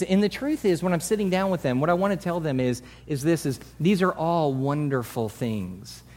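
Male pastor, sermon, higher-pitched, chatty delivery with loud peaks. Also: lively intonation, normal speed, few pauses, slight background noise. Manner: conversational, acts out congregants' voices, swings from soft to loud.

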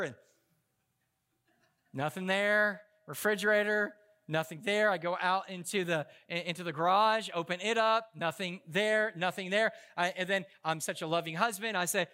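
A man's voice: sits high, moderate pace, sharp tone, smooth. A man preaching a sermon as a pastor, telling funny stories in a casual, conversational way and often stopping to restart his sentences. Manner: humorous, conversational storytelling with frequent restarts.

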